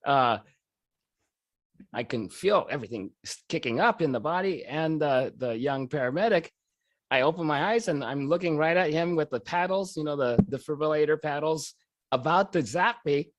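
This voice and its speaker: A man telling a personal story in an animated way, often breaking into laughter. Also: on the high side, normal speed, dry recording, clean studio sound. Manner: lively, animated delivery.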